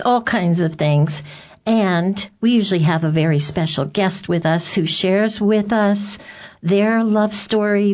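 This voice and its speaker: A woman hosting a radio talk show, enthusiastic and quick to affirm her guest. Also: medium pitch, muffled recording. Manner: enthusiastic, frequent affirming murmurs.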